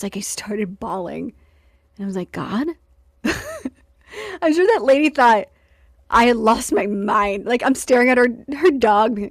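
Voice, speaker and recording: A woman co-hosting a podcast, sharing a heartfelt personal story. She is earnest and animated and leans on "like" and "you know" as she goes. The close mic sounds dry, with almost no room around it. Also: mid-range voice, no room sound. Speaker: podcast co-host.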